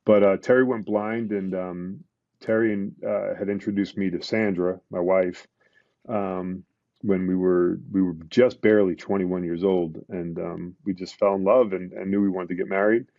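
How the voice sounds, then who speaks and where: A man, a retired police detective, telling his story as a guest in a conversational interview, halting with many fillers and restarts. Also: sits low, fairly even intonation, dry recording, lo-fi sound.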